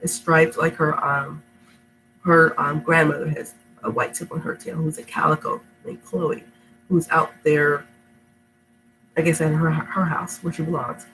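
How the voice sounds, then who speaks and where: A woman's voice: deep voice, level tone, measured pace, a bit bright, soft background music, poor audio. Sick-sounding woman reading stories to kids. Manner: rambling, affectionate, laughs often. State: sick, stuffy voice. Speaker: storytime reader. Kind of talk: reading aloud to kids, then casual chat. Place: home indoors.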